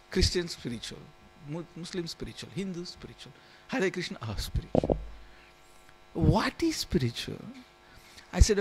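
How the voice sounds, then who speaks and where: Male teacher, lively storytelling scripture class in a temple hall, slightly high-pitched. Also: normal speed, pauses often, breathy edge. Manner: storytelling, keeps asking "you understand?", chuckles.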